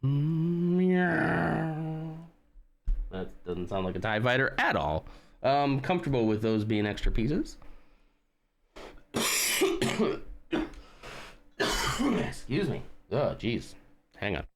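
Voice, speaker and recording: A man's voice: fairly low pitch, big pitch swings, slow pace, pauses often, slight background noise. A man casually chatting on a live stream while building a model, reading out and answering chat with jokes and self-mockery.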